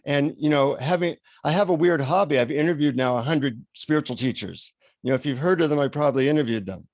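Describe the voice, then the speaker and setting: A man telling an animated anecdote as a guest on an interview show. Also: on the high side, fast talker, no room sound. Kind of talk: storytelling in an interview. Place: radio show recording.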